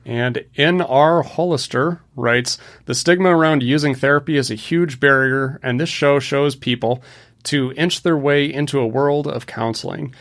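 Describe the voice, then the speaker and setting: A man's voice: medium pitch, moderate pace, a bit bright. A man co-hosting a counseling podcast who reads reviews evenly and teases his partner drily. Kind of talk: casual podcast chat.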